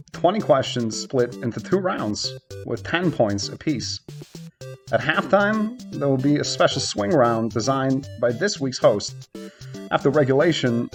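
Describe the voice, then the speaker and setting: A halting, deadpan celebrity impression, as a man puts it on. Mid-range pitch with odd stops that fall in the wrong places, set over a faint bed of music. The delivery is flat and measured throughout. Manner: halting, oddly placed pauses. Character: impression of a famous actor, odd measured cadence. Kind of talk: impression reading game rules.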